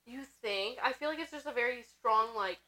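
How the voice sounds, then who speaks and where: A woman's voice: on the high side, normal speed, pushed and bright, low-quality recording. A young woman co-hosting a casual podcast, chatty and giggly, rambling between thoughts. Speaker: podcast co-host. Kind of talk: casual chat.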